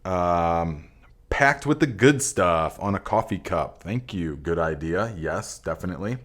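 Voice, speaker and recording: A man from Northern California hosting a live gardening Q&A, reading out viewer comments and answering in a relaxed, rambling way with many fillers. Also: deep voice, unhurried. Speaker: podcast host. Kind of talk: live Q&A chat.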